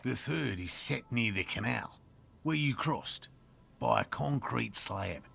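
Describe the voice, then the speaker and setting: Smug aussie bug scientist for a game, gravelly raspy voice, lectures everyone. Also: male voice, mid-range voice, lively intonation, takes it slowly, a bit bright, full character voice. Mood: lecturing. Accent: Australian. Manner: pompous, lecturing. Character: pompous male cryptozoologist, self-assured and prickly. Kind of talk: video game voice acting.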